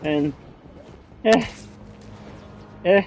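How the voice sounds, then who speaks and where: High, lively gamer man. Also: moderate pace, soft background music. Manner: rambling, excitable, restarts sentences often. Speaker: gaming channel host. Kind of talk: casual gameplay commentary.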